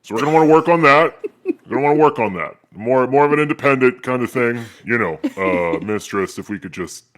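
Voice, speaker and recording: Guy doing a deep voiced snooty cat, dry and grumbly, tabletop game. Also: expressive, brisk, fairly bright tone, close to an everyday voice. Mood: grudging. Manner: wry, reluctant, politely grumbling. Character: male house cat, aloof, fussy and dryly sarcastic. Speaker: player. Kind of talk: tabletop role-play in character.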